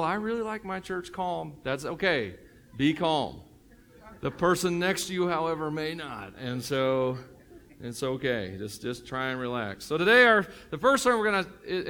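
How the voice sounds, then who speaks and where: A middle-aged pastor with a Tennessee accent preaches a sermon in a high, sharp-toned voice. He keeps it joking and conversational, full of fillers and restarts.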